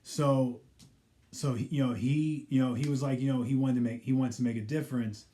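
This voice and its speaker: Rambling man with a mellow voice. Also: medium pitch, steady tone, brisk. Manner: rambling, heavy use of "you know" fillers; acts out characters' quoted lines in passing. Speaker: pop culture vlogger. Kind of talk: casual episode recap.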